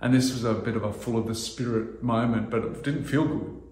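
A middle-aged man preaching a sermon as pastor, earnest and halting, restarting phrases and rising to loud emphasis. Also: mid-range voice, flat delivery, roomy sound.

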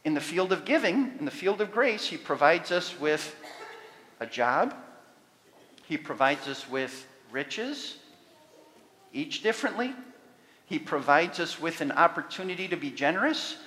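A man preaching a sermon as pastor, animated and rising to loud emphasis on key points. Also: fairly high pitch, a little slow, pauses often, long reverb tail, slight background noise.

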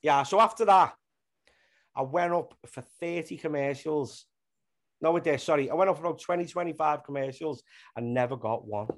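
A man tells rambling stories in a relaxed interview. He swears freely and keeps the tale moving. His voice sits a little high for a man. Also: moderate pace. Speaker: actor and comedian guest. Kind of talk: casual interview chat.

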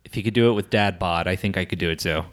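A man's voice: low voice, racing. A man co-hosting a casual podcast, laid-back and teasing, laughing a lot. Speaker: podcast co-host.

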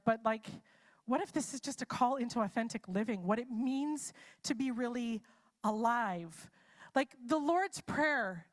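A woman preacher giving a live sermon in a casual, chatty way, posing many rhetorical what-if questions. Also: fairly high pitch.

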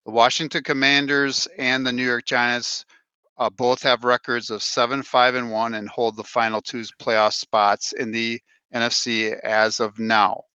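Bright, clear-voiced man on a podcast. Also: mid-range voice, level tone, a little slow, no room sound, lo-fi sound. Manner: reads stats and quotes, with filler "uh"s. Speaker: podcast co-host. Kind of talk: casual sports podcast chat.

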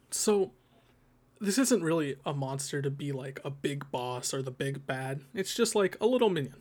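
A man hosting a podcast, casually explaining a tabletop monster encounter in a relaxed, chatty way with lots of fillers. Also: fairly high pitch. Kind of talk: casual explanatory talk about game design. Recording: music bed behind the voice.

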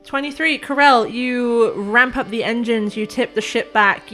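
A woman running a tabletop game as game master, narrating scenes in a lively, vivid way and laughing often. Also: a little high, a little slow, few pauses, soft background music.

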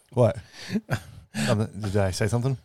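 A man's voice: lowish voice, dry recording. A man hosting a comedy podcast, bantering crudely and introducing a segment. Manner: crude, playful, lively delivery. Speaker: podcast host.

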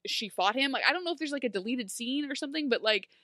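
A woman in casual chat, recapping a TV episode with sarcastic, animated commentary and plenty of filler words. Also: high voice, fast talker, no echo, studio quality. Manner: animated, sarcastic, lots of "like" fillers, acts out quotes. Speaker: podcast co-host recapping a TV episode.

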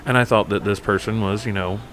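A man's voice: on the low side, steady tone, quick pace, a bit bright, a little hiss or hum. A man co-hosting a podcast, chatting casually and telling a rambling story full of fillers and restarts. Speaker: podcast co-host. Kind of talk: casual chat.

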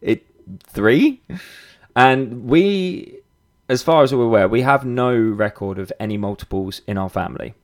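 A man's voice: medium pitch, normal speed. A man in his thirties, hosting a podcast, tells a personal story in a candid, casual way, with swearing, fillers and restarts. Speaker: podcast host.

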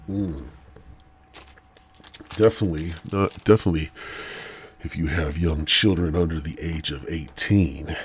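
A man's voice: deep voice, darkish tone, slightly rough. A man hosting a podcast alone, rambling loosely through a profane monologue into a mic. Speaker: podcast host.

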